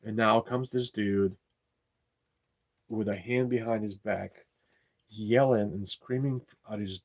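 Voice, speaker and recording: A man's voice: fairly low pitch, darkish tone. A man telling a story in a casual, indignant rant, swearing often and circling back over his points. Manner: indignant, swears freely, loops back and repeats himself. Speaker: delivery driver and channel host.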